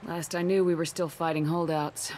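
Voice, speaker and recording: A woman's voice: lowish voice, level tone, moderate pace, darkish tone, a little hiss or hum, natural voice. An actress voicing a resolute female starship commander in a video game, speaking directly and evenly. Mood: level.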